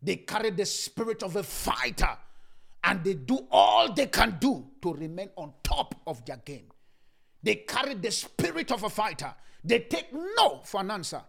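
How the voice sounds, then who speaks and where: Emphatic, high-pitched preacher man. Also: sing-song, moderate pace, vocal fry. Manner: emphatic, repeats key phrases, swings between loud and hushed. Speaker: pastor. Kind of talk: sermon.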